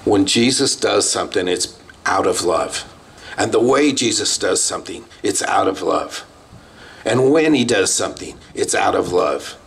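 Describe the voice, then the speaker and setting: A man's voice: lowish voice, lively intonation, unhurried, creaky, fairly bright tone, slight background noise. A man, a pastor, preaching a sermon in a plain, conversational way with bursts of emphasis. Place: outdoor drive-in church service.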